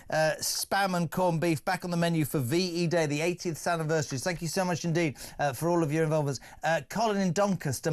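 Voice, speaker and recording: A man hosts a radio phone-in from a studio with a quick, jokey, chatty delivery. His voice sits a little high for a man. He teases his callers as he moves things along. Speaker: radio host.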